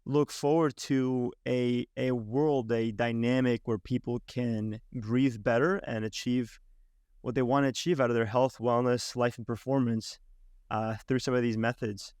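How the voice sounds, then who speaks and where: A man hosting a podcast interview, his voice at a middling pitch and full of fillers and restarts as he works through his questions. The sound is dry and close. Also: steady tone, a little slow, a little mellow, clear, resonant tone, dry recording. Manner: hesitant, with many restarts and fillers. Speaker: podcast host. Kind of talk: conversational interview.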